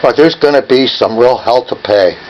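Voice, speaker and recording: A man in his seventies rants and badgers someone over the phone, relentless and confrontational. His voice sits at an ordinary middle pitch for a man. A faint hiss of noise runs under the recording. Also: normal speed, muffled recording. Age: 70s. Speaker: caller. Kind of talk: angry phone call.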